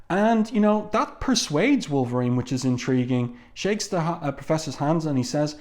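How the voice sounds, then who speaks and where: A man's voice: on the high side, measured pace, darkish tone. A man reviewing an old comic book in a casual, chatty way, with frequent fillers and asides. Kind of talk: casual review with read-aloud quotes.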